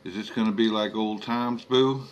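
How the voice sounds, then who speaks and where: A man voicing a short, warm Haitian Creole woman with a Haitian accent, in a spoken horror story. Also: lowish voice, steady tone, moderate pace, slight background noise, close to an everyday voice. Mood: teasing. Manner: teasing, affectionate, calls him Boo.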